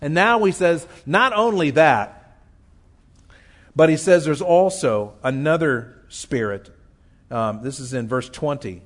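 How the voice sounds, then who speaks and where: A man preaching a sermon, reading scripture and explaining it earnestly, slowing down to stress his points. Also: fairly high pitch, expressive. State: tearful, choked up. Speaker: pastor.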